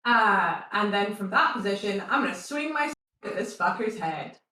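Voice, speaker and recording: A woman's voice: medium pitch, expressive, normal speed, bright, forceful tone, roomy sound, rough recording. A woman playing a tabletop game, talking casually and swearing freely. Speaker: player.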